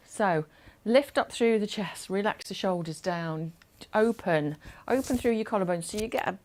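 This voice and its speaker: Over a video call, a woman instructor with a medium-pitched voice leads a gentle chair exercise class. She is encouraging and gives clear instructions.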